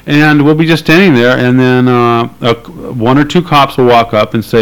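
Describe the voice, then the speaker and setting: A man's voice: mid-range voice, steady tone, normal speed, clean tone, low-quality recording. A man being interviewed, talking casually and hesitantly with many fillers and dry laughs. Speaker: activist interviewee.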